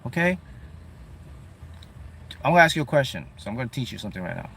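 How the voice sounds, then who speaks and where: A man giving a motivational talk on manifesting, acting out his clients' voices with lively energy. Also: mid-range voice, fast talker, creaky, slightly rough. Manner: animated, acts out clients' voices. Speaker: manifestation coach.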